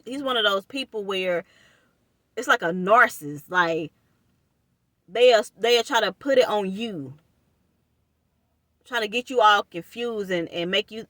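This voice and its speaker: A young woman, telling a personal story to her viewers in an animated, casual way and calling them y'all. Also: mid-range voice, dry recording, studio quality.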